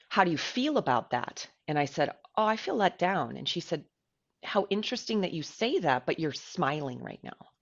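A woman's voice: sits low, muffled recording. A woman co-hosting a podcast, talking candidly and emotionally about herself, with lots of "like.". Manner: candid and emotional, with filler likes. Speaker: podcast co-host. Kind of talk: personal podcast conversation.

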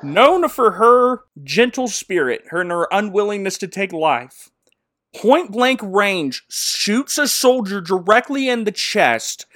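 A man hosting a comedy podcast, recapping a film with jokes and mocking little character voices. His voice sits high and bright, swinging widely in pitch. The sound is close and dry, with no room around it. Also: dry recording. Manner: animated, jokey, slips into mocking character voices. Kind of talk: casual comedic movie recap.

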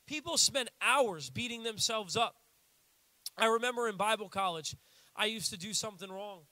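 A young American man preaching a sermon in a casual, animated way, acting out little quotes as he goes. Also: high voice, normal speed, no room sound. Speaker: pastor.

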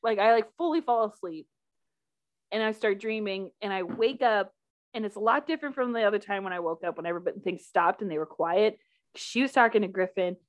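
A young woman hosting a podcast, casually telling a personal story with lots of laughter and loudly acted-out quotes. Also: mid-range voice, a little fast. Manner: animated, laughs often, acts out quotes loudly. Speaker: podcast host.

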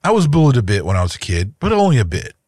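A man's voice: mid-range voice, sing-song, racing, darkish tone, dry recording, clean studio sound. A man in his thirties, a podcast co-host, chatting casually and telling a personal story in a rambling way, with many restarts. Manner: rambling, with frequent restarts and repeated words.

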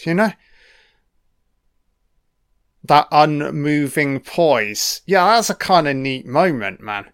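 A man's voice: a little high, animated, unhurried, hardly any pauses, fairly bright tone. A man giving a casual, sweary and sarcastic commentary on a film.

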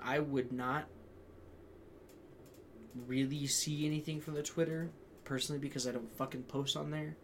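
A man's voice: a little high, steady tone, normal speed, pauses often, slight background noise. A young man hosting a podcast, chatting crudely and ranting with lots of swearing. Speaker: podcast host. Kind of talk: casual chat.

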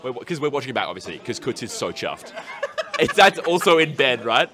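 Mid-pitched, lively man. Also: a little fast, a crowd in the background. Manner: hyping others up, slangy. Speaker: podcast co-host. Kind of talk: live podcast banter.

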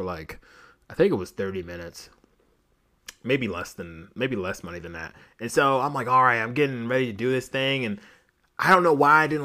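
A young man co-hosting a podcast, telling a crude story with plenty of laughing and quick acted-out voices. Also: mid-range voice, sharp tone. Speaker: podcast co-host. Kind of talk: casual podcast chat.

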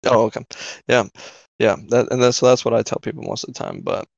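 Brief: man co-hosting a podcast, rambling and profane, with a gravelly voice in a muffled lo-fi recording. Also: medium pitch, fairly even intonation, fast, no echo. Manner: profane, filler-heavy, keeps asking "right?". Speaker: podcast co-host. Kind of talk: casual storytelling. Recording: dull lo-fi dry recording.

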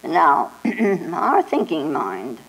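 Older woman, Zen teacher, unhurried dharma talk, gravelly low voice, old tape with mains hum. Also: very animated, rough recording. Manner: slow, reflective, with frequent "you know" and "huh?" asides.

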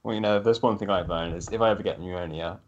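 A man's voice: sits low, fast, lo-fi sound. A man appearing as a podcast guest, chatting casually, joking and often giggling. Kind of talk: casual chat. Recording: audible background noise.

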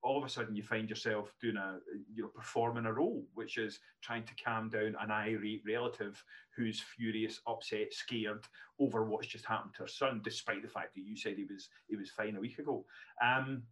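Animated man in his fifties. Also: fairly low pitch, brisk. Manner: animated, self-deprecating, frequent restarts. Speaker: guest, neurologist. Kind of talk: casual podcast storytelling.

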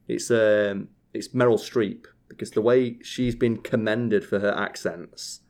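A man co-hosting a podcast, telling stories in an animated, swearing, ranting way. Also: fairly low pitch, a little slow. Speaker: podcast co-host. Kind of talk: casual chat.

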